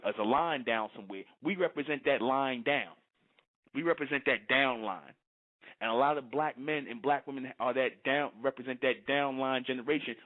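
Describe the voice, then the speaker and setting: A man giving a preaching monologue, repetitive and full of rhetorical questions. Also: mid-range voice. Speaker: commentator. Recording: tinny phone-like sound.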